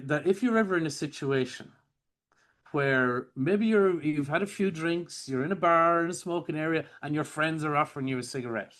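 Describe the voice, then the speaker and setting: A male hypnotherapy trainer teaching a masterclass, calmly explaining a technique step by step. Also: mid-range voice. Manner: calm, explanatory, walks through techniques step by step.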